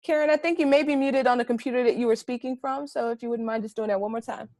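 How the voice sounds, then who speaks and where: A woman's voice: a little high, fairly even intonation, fast, warm tone, dry recording, studio quality. A woman hosting a podcast panel in an upbeat, enthusiastic way, speaking over a video call. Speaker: panel host.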